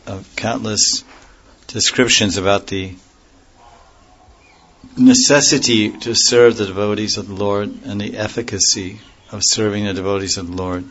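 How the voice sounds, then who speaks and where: A man giving a devotional lecture in a measured, explanatory way, often repeating and restarting phrases. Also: fairly low pitch, steady tone, a bit bright, highs cut off. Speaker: religious teacher.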